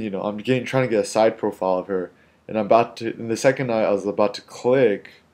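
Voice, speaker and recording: A street photographer, a man, recounts an encounter in a loose, conversational ramble. His voice sits on the low side, and he leans on fillers like "you know" and "um". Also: a little mellow. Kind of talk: casual storytelling.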